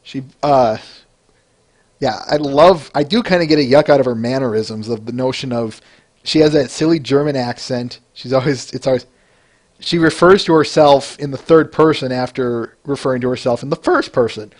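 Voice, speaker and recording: A man's voice: mid-range voice, moderate pace, darkish tone. A man hosting a casual review podcast, rambling with frequent restarts and answering listeners by name between points. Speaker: podcast host.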